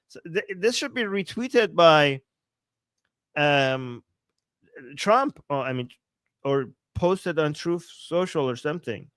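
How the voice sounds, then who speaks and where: A man from Iran, hosting a live-streamed political commentary, reading chat aloud with a sarcastic, animated manner and frequent laughs. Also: a little high, slow pace, long pauses, clean tone, no room sound. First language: Persian. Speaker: political commentator and livestream host.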